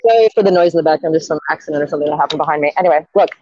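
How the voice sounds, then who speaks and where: A woman's voice: sits low, rapid-fire, darkish tone, dull audio. A woman calling into a live stream, defensive and exasperated, swearing as she denies a rumor. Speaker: caller. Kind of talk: call-in over a video chat.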